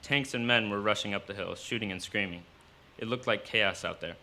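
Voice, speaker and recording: A man reading his own fiction aloud at a live cafe event, in steady storytelling narration. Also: fairly low pitch, fairly quick.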